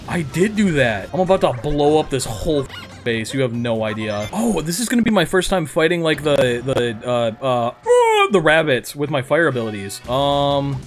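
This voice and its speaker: A young man giving goofy, excitable let's-play commentary, swearing and joking as he plays. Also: fairly high pitch. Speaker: gaming streamer.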